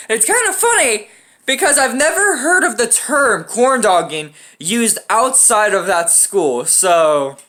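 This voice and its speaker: Animated, bright-voiced young woman telling stories. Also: on the high side. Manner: animated, profane, laughing often. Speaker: storytime channel host. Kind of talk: casual storytelling.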